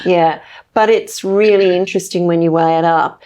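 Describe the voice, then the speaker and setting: A woman hosting a conversational talk show, with a slightly low voice. She chats easily, agrees warmly with her guest and adds her own points. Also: fairly even intonation, normal speed. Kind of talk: conversational interview.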